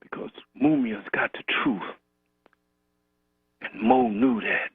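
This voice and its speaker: A man's voice: mid-range voice, slow, slightly rough, no echo. A man calling in to a talk show, remembering a friend in rhythmic, repetitive storytelling. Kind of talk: call-in tribute remembrance. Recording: tinny phone line.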